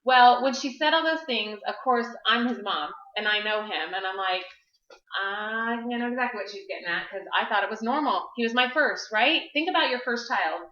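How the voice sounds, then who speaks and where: A chatty woman tells personal stories to a small meeting room, laughing as she goes. Her voice is bright and a little high. The sound is echoey and dull, like a lo-fi live stream. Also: normal speed. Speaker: network marketing presenter.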